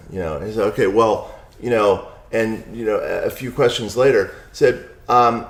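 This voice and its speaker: A man's voice: lowish voice, steady tone, brisk, few pauses. A middle-aged man being interviewed as a guest, chatting casually and telling anecdotes with frequent asides to his listener. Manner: storytelling with many "you know" and "right?" asides. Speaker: podcast guest, author and lawyer. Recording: roomy echo.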